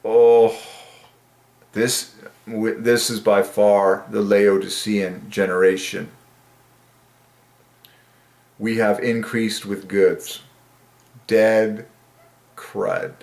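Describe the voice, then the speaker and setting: A man's voice: fairly low pitch, little pitch movement, extremely slow, creaky, pauses often, darkish tone. A man giving a casual, earnest reflection on the Bible, rambling and candid, often laughing and saying "like.". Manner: earnest, emotional. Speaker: Christian video maker.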